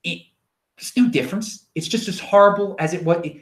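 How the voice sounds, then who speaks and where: A man with a Baltimore accent hosting his own show, telling stories in a rambling, animated casual monologue. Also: high voice, brisk, reverberant. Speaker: show host.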